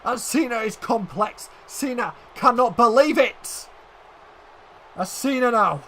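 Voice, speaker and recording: A man giving excited play-by-play commentary on a wrestling video game, often shouting and addressing the audience as ladies and gentlemen. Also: very high voice, slow, slight background noise.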